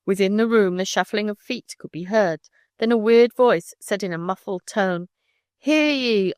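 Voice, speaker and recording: A woman narrating a children's novel audiobook in a measured, expressive way. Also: mid-range voice, clean tone, dry recording. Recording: dry close studio sound.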